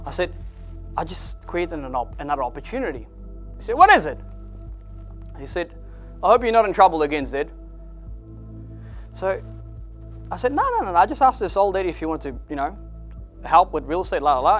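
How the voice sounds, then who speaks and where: Brief: high-pitched male speaker, English, blunt and animated, faint music underneath. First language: not English. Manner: animated, swings loud and excited to low and quiet; blunt with occasional swearing. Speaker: motivational speaker. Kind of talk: motivational storytelling talk.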